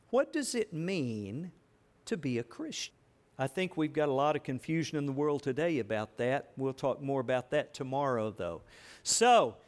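A middle-aged man preaching a sermon in a church, asking his listeners rhetorical questions. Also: on the high side. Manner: asks the audience rhetorical questions. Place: church building.

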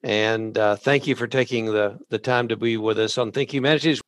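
A man hosting a podcast interview, speaking haltingly with many restarts. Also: medium pitch, steady tone, dry recording. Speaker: podcast host.

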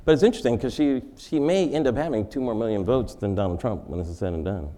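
A man's voice: mid-range voice, fast, warm tone. A male comedian giving a wry comic lecture in a large forum, interviewing himself and laughing at his own jokes.

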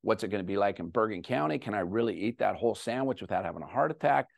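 A middle-aged man giving a talk to an audience, telling a personal story with animated, self-deprecating humor. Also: on the low side, quick pace, gravelly, no echo. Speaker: guest speaker.

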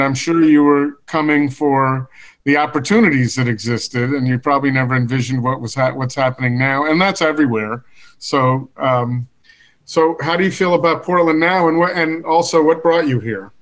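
A man's voice: fairly high pitch, moderate pace, fairly bright tone. A man hosting a podcast who rambles through long, musing questions. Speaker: podcast host. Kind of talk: casual podcast interview.

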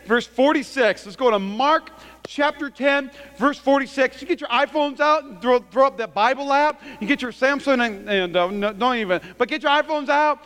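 A man's voice: very high-pitched, moderate pace, smooth, soft background music. A man preaching a sermon as pastor, calling out to the congregation and acting out the scripture's voices. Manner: animated preaching, calls out to congregation. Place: church sanctuary. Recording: church hall with long reverb.

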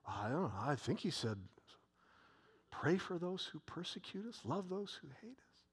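A man voicing a puzzled man in an ancient crowd, muttering low and hushed. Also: sing-song, normal speed, husky, heavily acted. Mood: bewildered.

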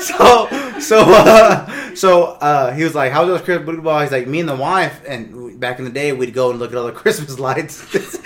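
Bright-voiced man telling a rambling story. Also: on the high side, moderate pace, hardly any pauses. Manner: rambling, laughing, restarts a lot. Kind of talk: casual storytelling chat.

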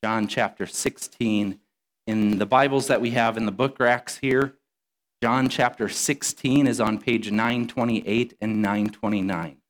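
A man's voice: medium pitch, steady tone, a little slow. A man preaching and reading scripture to his congregation, his voice stuffy from a cold. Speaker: pastor.

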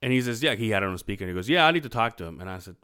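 Man telling a story in a lively, animated way. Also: lowish voice, very fast, smooth. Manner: animated, acts out quotes, swears freely. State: clearing his throat, morning voice. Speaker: podcast co-host. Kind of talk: casual storytelling chat.

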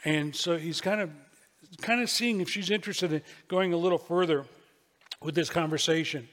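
Man, pastor, sermon, folksy storytelling, fairly high voice, long church reverb. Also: normal speed, a bit bright. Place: church sanctuary.

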